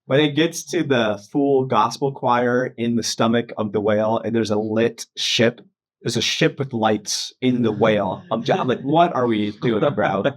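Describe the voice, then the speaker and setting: A man leading a casual Bible study, chatty and quick to laugh, filling his talk with "um" and "like". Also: mid-range voice, steady tone. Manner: chatty, laughs often, many fillers like "um" and "like".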